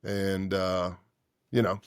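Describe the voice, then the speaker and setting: A man's voice: low-pitched, takes it slowly, clear, resonant tone, dry recording, studio quality. A man in his fifties, a former undercover agent, telling stories casually in an interview and acting out dialogue in different voices. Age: 50s. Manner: acts out quoted dialogue in lively voices; loose, rambling, self-correcting speech.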